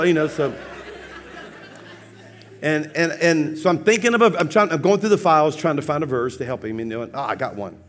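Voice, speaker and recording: Animated storytelling male pastor. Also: a little high, a little fast, slight background noise. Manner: animated, humorous, acts out dialogue with laughs. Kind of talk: sermon storytelling.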